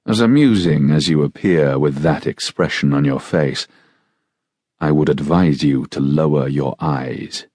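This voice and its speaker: A suave swordsman talks in a soft, mild voice laced with dry irony, as a man reads him in a storybook. The voice sits very deep with a husky edge, close and dry. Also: measured pace, no echo, full character voice. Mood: mild, ironic. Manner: soft, mild, dryly ironic. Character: suave mocking male swordsman, cool and mild.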